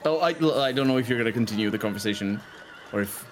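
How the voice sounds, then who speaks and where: A man's voice: on the low side, fast talker, a faint crowd. Laughing man playing a tabletop game. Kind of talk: casual game play.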